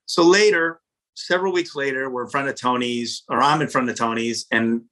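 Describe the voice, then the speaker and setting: A restaurant owner telling a story in his office, animated and profane, often repeating words when he gets worked up. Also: mid-range voice, normal speed. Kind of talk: casual storytelling in an interview.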